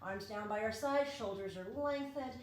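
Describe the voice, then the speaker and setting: A woman's voice: mid-range voice, moderate pace. A woman leading a home pilates class, counting reps and cueing breaths in an encouraging way. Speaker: pilates instructor. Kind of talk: guided exercise class. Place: dining room at home. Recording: very echoey room, distant mic, faint noise.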